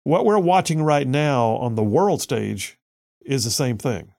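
A man's voice: mid-range voice, very animated, measured pace, gravelly, darkish tone. A man hosting a conservative talk radio show, reading listener messages aloud and giving blunt, opinionated commentary with frequent restarts.

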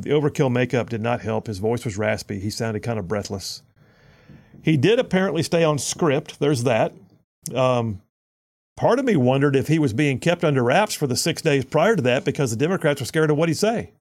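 A man hosting a conservative talk radio show, delivering an animated, sarcastic opinion monologue with lots of repetition. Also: mid-range voice, creaky.

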